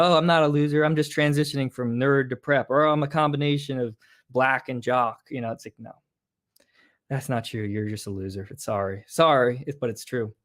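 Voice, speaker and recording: A man talking casually on an online show, deadpan and blunt, repeating his points flatly. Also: mid-range voice. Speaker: show guest explaining a theory.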